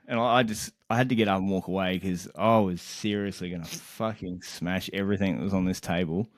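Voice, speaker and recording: A young man on a casual podcast, co-hosting and telling a story in an animated, exasperated way, swearing constantly and laughing mid-sentence. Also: fairly low pitch, a little fast, hardly any pauses, no room sound, clean studio sound. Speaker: podcast co-host.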